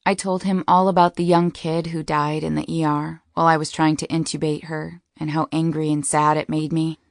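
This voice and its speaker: A woman's voice: low voice, level tone, normal speed, creaky, no room sound, studio quality. A woman narrating a first-person romance audiobook in a wry, intimate storytelling manner.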